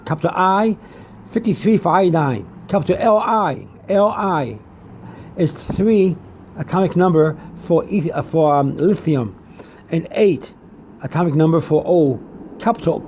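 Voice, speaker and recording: A man giving a casual self-made lesson, talking in a rambling, halting way with many fillers and restarts. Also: high-pitched, darkish tone, a little hiss or hum. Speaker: teacher.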